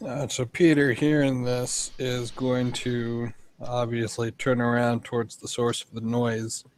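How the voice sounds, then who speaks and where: Slow-talking male tabletop player. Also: mid-range voice, flat delivery, slight background noise. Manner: unhurried, thinking aloud. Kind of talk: tabletop game play.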